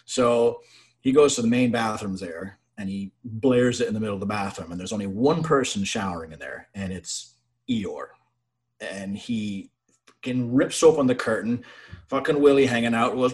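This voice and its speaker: Young man, foul-mouthed, animated storyteller, mid-pitched. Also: moderate pace. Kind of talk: casual chat.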